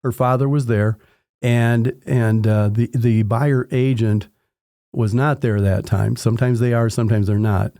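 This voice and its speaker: A man's voice: mid-range voice, measured pace, no echo, studio quality. A man, a home inspector, telling anecdotes from his work in a conversational way and acting out the dialogue. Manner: animated anecdotes with acted-out dialogue. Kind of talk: conversational storytelling.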